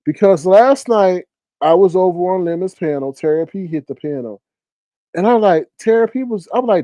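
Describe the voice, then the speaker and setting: A man hosting a casual livestream commentary, his voice swooping widely as he reacts. He talks in an animated, exclamatory way and laughs often. The sound is dry and close. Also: sits high, moderate pace, no room sound, poor audio.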